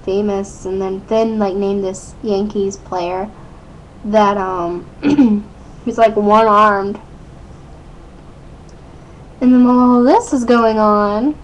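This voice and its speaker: Teenage girl, webcam vlog, slow rambling recap, filler-heavy, giggly, faint room hum. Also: mid-range voice, poor audio. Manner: chatty, many "like" and "um" fillers, giggles often. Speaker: webcam vlogger recapping a TV episode. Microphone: built-in webcam mic.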